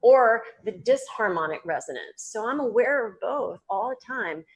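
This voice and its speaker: Her voice sits a little high and moves at a moderate pace, captured on a rough recording. A Southern-accented psychic medium appearing as a guest in a casual interview, she talks about healing earnestly and with spirit, animated, spiritual, and prone to restarts.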